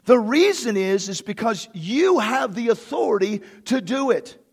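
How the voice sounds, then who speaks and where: A pastor preaching a fervent sermon and reading a story aloud to his congregation, at times bursting into shouts. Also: sits high, animated, unhurried, husky.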